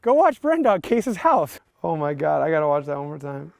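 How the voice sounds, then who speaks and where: A man's voice: a little high, very animated, fairly quick, gravelly, dry recording, clean studio sound. A man in his thirties hosting a casual outdoor bike vlog, joking and laughing often. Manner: laughing, playful, hype shouts. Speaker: vlog host, bike rider. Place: outdoors at a dirt jump.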